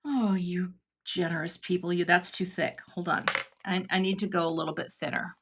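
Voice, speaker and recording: A woman's voice: on the low side, fairly even intonation, moderate pace, breathy edge. A woman hosting a live craft stream, chatting and thinking aloud as she works and thanking viewers in the chat. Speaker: craft livestream host.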